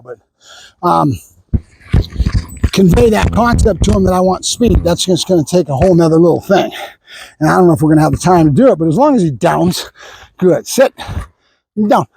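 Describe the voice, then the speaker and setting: A middle-aged man training a dog outdoors, explaining plainly between high sing-song bursts of praise. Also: animated, fairly quick, gravelly, pauses often, a little mellow, a little hiss or hum, low-quality recording. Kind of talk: casual training demonstration.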